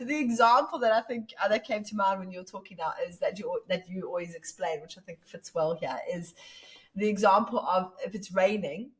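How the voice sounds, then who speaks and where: A woman co-hosts a podcast, thoughtfully building examples and laughing easily along the way. Her voice sits at a middle pitch. She sounds a little away from the microphone. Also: brisk, far from the mic. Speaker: podcast co-host. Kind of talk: casual podcast chat.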